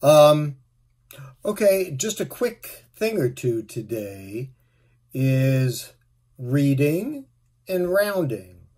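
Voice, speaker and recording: A middle-aged man, a musician, giving relaxed, rambling tips on playing his instrument. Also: fairly high pitch, very slow, pauses often, husky. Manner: relaxed, rambling, with fillers and asides. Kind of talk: casual spoken tip video.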